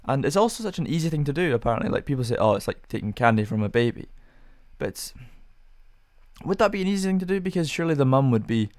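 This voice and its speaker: A man's voice: mid-range voice, very animated, quick pace, dry recording, clean studio sound. A young man hosting a casual solo podcast, rambling through rhetorical questions with self-amused musing. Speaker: podcast host.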